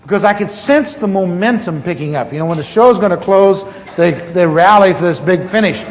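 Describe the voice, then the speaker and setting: A middle-aged church teacher with a high-pitched, slightly fast voice tells a class a humorous personal testimony in a large church hall, animatedly acting out the voices of people in his story. The dull 1980s tape sounds echoey and carries a little hiss or hum.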